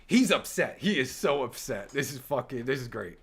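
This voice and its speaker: A man's voice: mid-range voice, sing-song, moderate pace, fairly bright tone, slightly rough. A man giving sarcastic, taunting commentary as a podcast guest, swearing heavily and mocking his host.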